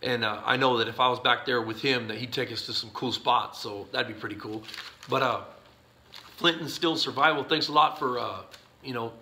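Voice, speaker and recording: Tired guy rambling in his garage, bright twangy voice, lots of uhs, kinda sleepy. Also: medium pitch, moderate pace, slight background noise. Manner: rambling, folksy, with many uhs and restarts. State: sleepy, yawning. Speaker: YouTube channel host answering viewer questions. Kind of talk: casual chat to camera. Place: home garage workshop.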